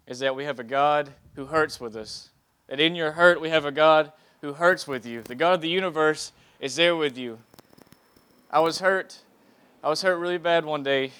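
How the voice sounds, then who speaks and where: A man's voice: a little high, normal speed, pushed and bright, clear, resonant tone. A young man giving a heartfelt sermon, reading scripture aloud and speaking earnestly, often restarting his phrases. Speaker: preacher.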